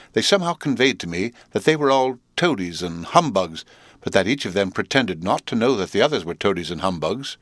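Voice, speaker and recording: A man reading a classic novel aloud as an audiobook narrator, in a measured, deliberate manner. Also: on the low side, a bit bright, no room sound, clean studio sound.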